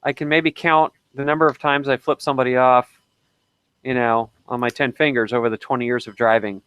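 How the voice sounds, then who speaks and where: A man hosting a casual group livestream chat, jokey and quick to laugh. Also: mid-range voice, steady tone, fairly bright tone, clean tone, no echo, muffled recording. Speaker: livestream host.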